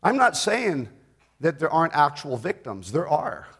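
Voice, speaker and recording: High, bright-voiced older preacher. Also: male voice, wildly swooping pitch, slightly rough. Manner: swings from hushed prayer to loud, fast storytelling. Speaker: pastor. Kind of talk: sermon.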